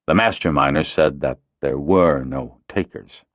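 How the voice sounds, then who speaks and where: A man's voice: a bass voice, unhurried, a bit bright, no echo, clean studio sound. A man reading an audiobook, voicing a weary male miner who speaks bluntly and matter-of-factly. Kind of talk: audiobook character voice.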